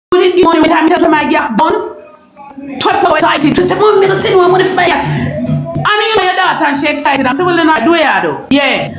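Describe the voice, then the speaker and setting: Jamaican lady going off on a live stream, loud, repeats herself, echoey room, bit of music. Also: high-pitched. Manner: loud and confrontational, repeats herself, often breaks into shouting. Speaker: online personality ranting on a live stream. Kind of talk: heated live-stream rant.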